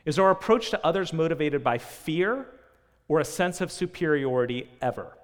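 A man preaching a sermon, earnest and full of rhetorical questions, swinging between loud emphasis and quiet. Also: a little high, lively intonation, moderate pace. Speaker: pastor. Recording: long reverb of a large hall.

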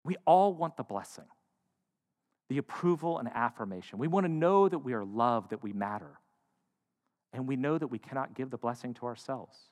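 A man preaching a sermon, shifting between loud emphatic lines and hushed, quiet ones. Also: medium pitch, expressive, moderate pace. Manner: dynamic, swings from loud to hushed. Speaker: pastor. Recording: long hall reverb.

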